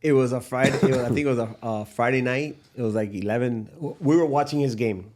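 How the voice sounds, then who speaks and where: A middle-aged man, a podcast guest and father, telling a story in a casual, animated way and acting out the dialogue. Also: mid-range voice, fast talker. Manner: animated, acts out quoted dialogue, laughs often.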